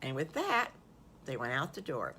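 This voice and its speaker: Folksy grandma telling a children's story. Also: female voice, very deep voice, moderate pace, a little hiss or hum. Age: older. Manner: animated, folksy exclamations. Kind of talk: improvised bedtime storytelling to children.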